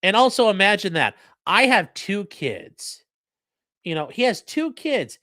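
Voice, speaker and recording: A man's voice: high voice, sing-song, unhurried, bright, forceful tone, no echo, clean studio sound. A man hosting a casual livestream, talking bluntly with profane, mocking asides. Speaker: livestream host and lawyer.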